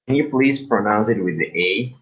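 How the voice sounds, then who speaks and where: A man with a Spanish accent, a native Spanish speaker, teaching English pronunciation to a class in a halting way, with many fillers and repeated words. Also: on the low side, expressive, fairly bright tone. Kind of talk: live class instruction. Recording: dull lo-fi recording.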